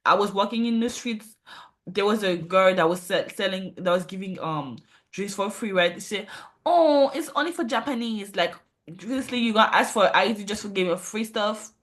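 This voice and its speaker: A woman's voice: mid-range voice, normal speed, a bit bright. A woman hosting casual commentary on a clip, speaking earnestly and checking in with rhetorical "right?" asides. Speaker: commentator host.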